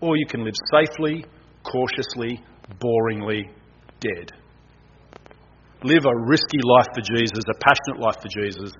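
A middle-aged man preaching a lively, conversational sermon in a church, acting out people's inner voices. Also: mid-range voice, moderate pace, pauses often. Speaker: guest preacher. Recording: dull, slightly noisy recording.

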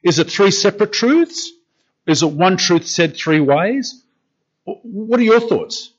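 A man's voice: high voice, animated, slow. A man preaching a conversational sermon as pastor, questioning the congregation and repeating phrases as he thinks aloud. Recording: dull lo-fi recording.

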